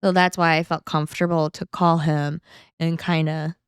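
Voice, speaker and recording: Young woman guest on a podcast, animated storyteller, acts out quotes with laughs, dry close mic. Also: low-pitched, moderate pace, clear, resonant tone, no room sound. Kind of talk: candid storytelling chat.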